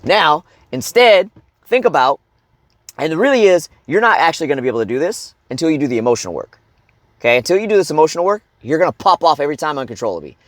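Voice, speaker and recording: Blunt, profane man coaching with a lively voice. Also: on the high side, quick pace, no echo, clean studio sound. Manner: blunt and swearing, with constant "right?" and "okay?" tags; acts out shouted angry outbursts. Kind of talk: profane motivational talk to men.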